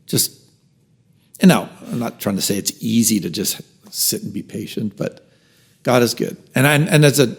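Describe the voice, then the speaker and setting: Animated man telling a story. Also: medium pitch, moderate pace, vocal fry, breathy edge. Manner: animated storyteller who acts out quotes and drops into whispered asides. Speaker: guest. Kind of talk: storytelling in a podcast interview.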